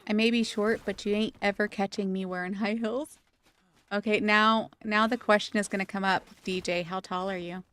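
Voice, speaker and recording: A woman's voice: mid-range voice, fairly even intonation, normal speed, fairly bright tone. A woman streaming a video game, chatting casually and playfully with her viewers and laughing often. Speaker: gaming streamer.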